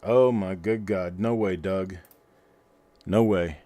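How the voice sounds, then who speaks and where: A man's voice: low-pitched, takes it slowly, warm tone, no echo. A middle-aged man hosting a livestream, chatting casually and rambling in a folksy way while he talks to his viewers. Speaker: host of a coin roll hunting livestream.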